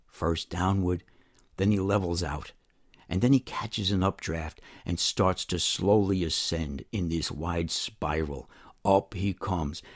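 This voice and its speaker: A man telling a first-person story in a lively way, acting out the voices he quotes. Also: deep voice, vocal fry. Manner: animated, acts out quoted voices.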